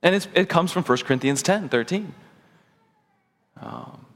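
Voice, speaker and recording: Earnest high-voiced preacher man. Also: expressive, unhurried. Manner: earnest, swings between high urgent and low soft delivery. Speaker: pastor. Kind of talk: sermon. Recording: long hall reverb.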